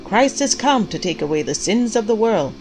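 A man's voice: high voice, sing-song, moderate pace, a little hiss or hum, voice pushed up. A woman doing a hollering fervent preacher. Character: fervent male preacher shouting a sermon.

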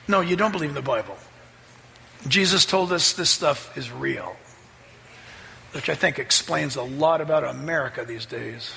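A man pastor preaching a sermon and telling a story, climbing to loud, excited peaks. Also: fairly high pitch, normal speed, gravelly, pauses often, in a large hall, a little hiss or hum. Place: church sanctuary.

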